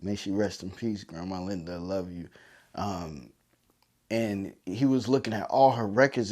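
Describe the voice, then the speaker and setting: A man with a low-pitched, slightly mellow voice hosts a podcast at a moderate pace, telling heartfelt family stories. He gets choked up and emotional, repeating himself and using lots of fillers.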